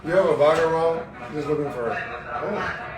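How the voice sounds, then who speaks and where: A man, the host's brother, giving quick grateful asides. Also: a little high, far from the mic, a loud crowd. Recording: roomy, off-mic, loud music behind.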